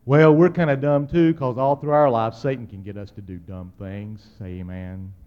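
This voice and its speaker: A middle-aged man preaching a humorous storytelling sermon, swinging dramatically between loud outbursts and hushed asides. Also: mid-range voice, fairly even intonation, moderate pace, smooth, highs cut off.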